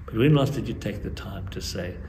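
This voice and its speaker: An older man from South Africa preaching a sermon as guest preacher, earnest and pleading by turns, with lively storytelling. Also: on the low side, brisk. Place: church sanctuary. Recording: echoey church with faint ambient noise.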